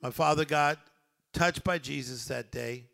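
Middle-aged male preacher, bright forceful tone, builds to emphatic peaks. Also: a little high, measured pace, creaky. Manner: preaching with rising emphatic swells. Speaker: pastor. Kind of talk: sermon.

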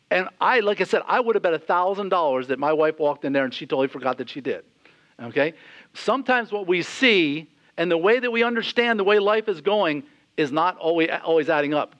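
A middle-aged man preaching a sermon, telling stories with acted-out quotes and asking the listeners questions. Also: sits high. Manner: animated storytelling, acts out quotes, asks the crowd questions. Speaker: pastor. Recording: slightly dull lo-fi sound.

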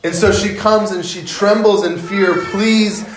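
A male pastor preaching a sermon, telling the story in a lively way and acting out the people in it. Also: high-pitched, normal speed, a little hiss or hum. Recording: echoey room.

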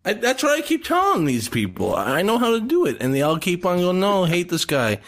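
A man's voice: high-pitched, huge pitch swings, fairly quick. A man guesting on a casual podcast, boastful and teasing. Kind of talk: casual live-stream chat.

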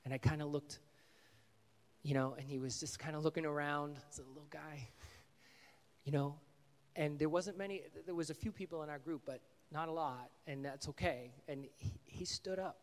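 A male pastor with a slightly high voice, speaking earnestly and conversationally. He tells stories and leads prayer in a church sanctuary. His words trail into a long hall reverb. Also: moderate pace. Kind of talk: sermon with altar call.

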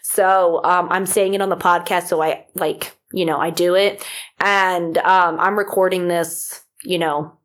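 A woman from Florida hosting a podcast in casual chat, rambling with many fillers, her voice a little rough from feeling unwell. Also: lowish voice, steady tone, unhurried. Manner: rambling, filler-heavy, self-deprecating. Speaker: podcast host.

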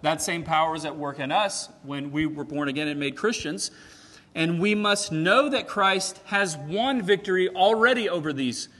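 A man preaching a sermon in a conversational way, often checking in with "right?" and swinging between loud and soft. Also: a little high. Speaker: pastor. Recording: long hall reverb.

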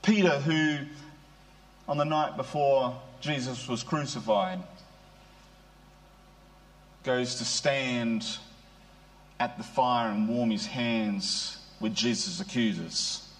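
A man's voice: mid-range voice, slow pace, long pauses. A middle-aged man preaching a sermon in a conversational way, often putting rhetorical questions to his listeners.

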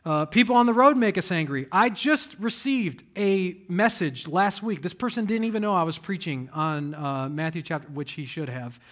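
A fairly high-voiced man preaches to his church in a conversational sermon. He talks straight to the congregation, punching key words and throwing out questions for them to answer. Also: moderate pace, few pauses, fairly bright tone. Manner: emphatic, direct, addresses the congregation with rhetorical questions. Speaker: pastor.

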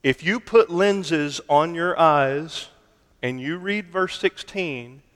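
A man preaching a sermon, deliberate and emphatic, stretching key words for weight. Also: fairly high pitch, a bit bright, clear, resonant tone. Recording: long hall reverb.

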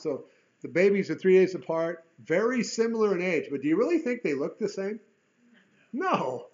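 Reading a chapter aloud verse by verse, a Bible teacher keeps stopping for folksy asides and rhetorical questions. His voice is male, fairly high and darkish in tone, with a sing-song delivery at normal speed. The audio is dull and lo-fi.

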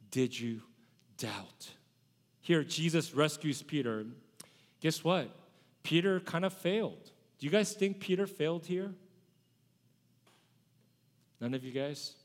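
A pastor in his forties preaches in a chatty way, often turning to question the congregation. His voice sits high for a man. It rings with the long reverb of a church sanctuary. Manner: conversational, asks the congregation questions. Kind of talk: sermon.

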